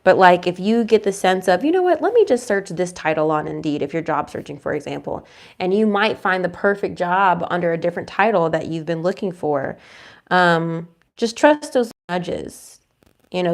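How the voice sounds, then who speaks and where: This tarot reader, a young adult woman, speaks at normal speed in a lowish, expressive voice. Her reading is casual, chatty, and reassuring, and she murmurs her questions to the cards.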